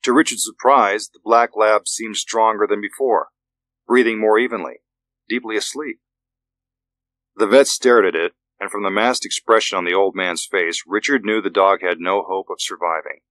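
A man narrating a thriller audiobook in a measured, steady way. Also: fairly low pitch, dry recording.

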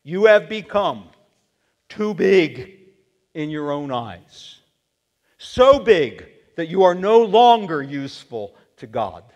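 A man's voice: on the high side, big pitch swings, slow, a little mellow, muffled recording. Preacher doing an angry old prophet telling a king off, swoopy voice, lots of church echo. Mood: stern rebuke. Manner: scolding. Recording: long reverb of a church sanctuary.

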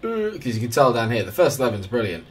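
A man giving casual, excitable commentary over a football management game, with wry asides. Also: mid-range voice, fast talker, husky. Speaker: gaming YouTuber.

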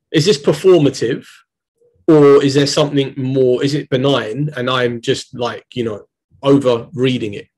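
A young man with a London accent, a poet giving a reading and talking between poems in a measured, reflective way. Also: mid-range voice, darkish tone, breathy edge, low-quality recording. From Britain. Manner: measured, reflective, hesitant asides. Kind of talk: poetry reading with spoken asides.

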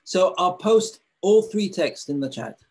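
A man's voice: high voice, big pitch swings, measured pace, a little mellow, husky. A man presenting a live webinar over a video call, eager and full of fillers and restarts. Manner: enthusiastic, with many fillers and restarts. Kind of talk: teaching a live online webinar.

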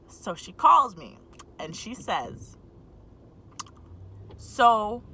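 A woman's voice: fairly low pitch, sing-song, extremely slow, sharp tone, a little hiss or hum, poor audio. A woman from the United States telling a long, irritated story to her vlog viewers and checking in with "okay?" as she goes. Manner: exasperated, repeats "okay?" to the viewers, talks through restarts. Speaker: vlogger. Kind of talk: casual vlog rant to camera.

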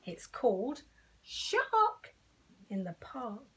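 A woman's voice: on the high side, big pitch swings, very slow. An older woman at home reading a picture book aloud to children, sing-song with dramatic whispers. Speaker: storyteller.

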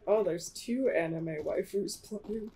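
A woman's voice: medium pitch, takes it slowly, warm tone. A playful woman jokes her way through a shooter game and pokes fun at her own skills in easy, casual chat. A faint hum of noise sits under her voice. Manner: playful, jokey, self-mocking. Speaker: channel host.

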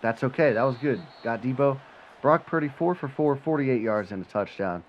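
A man giving live commentary on his own football video game, muttering one moment and shouting and swearing the next. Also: normal speed, muffled recording, slight background noise. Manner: swings from low mutter to excited yelling, swears when frustrated. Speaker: gaming channel host.

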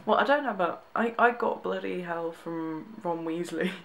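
A young British woman with a lowish, gravelly voice speaks at normal speed. She's a vlogger reacting to tweets in a casual video, amused, laughing often, and restarting her sentences.

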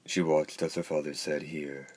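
A man narrating an audiobook in a steady, measured reading. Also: rumbling low, breathy edge. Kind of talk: scripted narration.

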